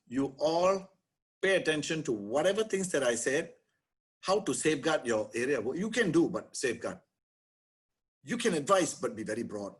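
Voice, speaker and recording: A middle-aged man with a Singaporean accent, a lawyer giving an energetic, animated motivational webinar talk to property agents, dropping Singlish particles. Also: on the high side, normal speed, husky.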